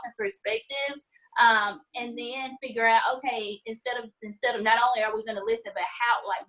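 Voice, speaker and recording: A woman's voice: fairly high pitch, a bit bright, rough recording. Sincere woman co-host, filler-heavy. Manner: sincere, thoughtful, says "like" a lot. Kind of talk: casual closing remarks.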